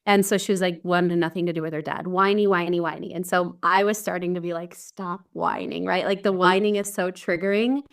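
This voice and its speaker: A woman's voice: lowish voice, steady tone, quick pace, hardly any pauses. A young adult woman, a guest on a podcast, talking earnestly in casual conversation with many fillers. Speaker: podcast guest, mom coach. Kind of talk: casual interview chat.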